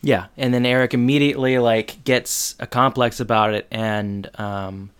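A man's voice: medium pitch, fairly even intonation, normal speed, clean tone. A man casually retelling a TV episode, full of fillers like "um" and "like" as he walks through the scenes. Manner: loose, filler-heavy retelling with frequent "like" and "um". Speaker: podcast co-host recapping a TV episode. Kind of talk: casual chat.

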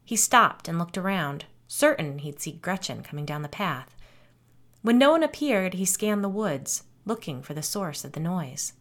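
A woman narrating a scripted horror story in a measured, suspenseful way. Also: fairly low pitch, very animated, a bit bright.

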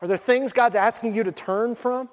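High-voiced pastor preaching in a hall. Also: male voice, moderate pace. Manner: animated storytelling, scripture reading, hushed appeals. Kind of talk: sermon. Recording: hall reverb.

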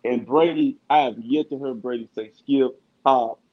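A man co-hosting a casual sports podcast, talking in an animated way and jumping in over the others. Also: mid-range voice, fairly quick, slightly rough, dull audio. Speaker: podcast co-host.

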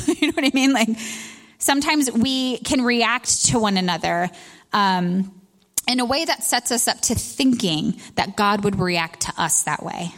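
A woman's voice: on the high side, expressive, measured pace, a bit bright. A woman in her thirties, a retreat speaker, giving a candid, conversational sermon and laughing at herself along the way.

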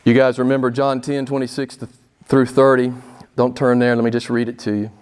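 A male pastor delivers an emphatic sermon packed with rhetorical questions, his volume swinging between loud and soft. His mid-range voice stays level in tone and moves fairly quickly and smoothly.

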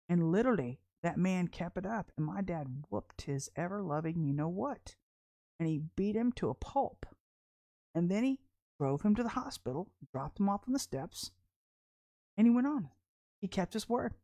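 A woman's voice: on the low side, animated, normal speed, warm tone. A woman preacher giving a prophetic sermon in a blunt, confrontational and colloquial way.

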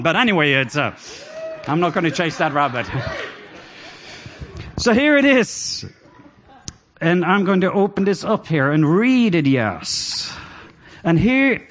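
A middle-aged man with a Norwegian accent preaching a sermon, animated with laughing asides and dropping to soft, intimate tones. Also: high-pitched, slight background noise.

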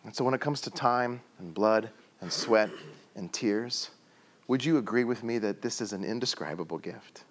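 A middle-aged man preaching a sermon, telling stories and dropping his voice low for emphasis. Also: normal speed. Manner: storytelling with acted quotes and sudden quiet drops. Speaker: pastor.

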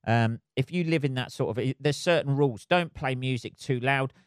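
A man hosting a podcast on his own, rambling in a sweary, self-mocking casual monologue from his flat at home. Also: mid-range voice, normal speed, clear, resonant tone, no echo, clean studio sound. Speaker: podcast host. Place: flat at home below noisy neighbours.

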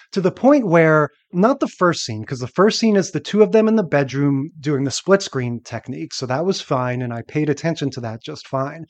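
A man's voice: on the high side, expressive, fairly quick, hardly any pauses. A man co-hosting a casual podcast, musing about a TV episode in a reflective way, with a few stammered restarts. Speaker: podcast co-host.

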